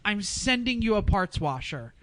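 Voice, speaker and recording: A man co-hosting a casual podcast, telling animated stories and acting out other people's lines. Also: sits high, normal speed. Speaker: podcast co-host.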